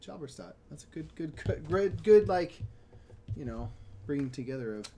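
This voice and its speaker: A man's voice: on the high side, animated, moderate pace, warm tone, a little hiss or hum. A man co-hosting a live board game stream, trading slangy jokes with his co-host and greeting viewers. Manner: joking, slangy banter with viewers. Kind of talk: casual live-stream banter.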